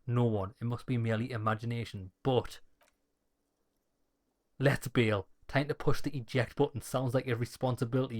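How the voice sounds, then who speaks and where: A man's voice: medium pitch, darkish tone. A man playing a dialogue-heavy game, reading the lines aloud and adding wry jokes. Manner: wry, joking asides between read lines. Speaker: gaming YouTuber.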